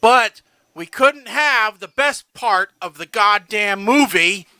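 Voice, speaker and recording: A man's voice: sits high, lively intonation, takes it slowly, sharp tone, clean tone, dry recording. A man co-hosting a casual podcast, ranting and tagging his points with "all right?". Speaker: podcast co-host.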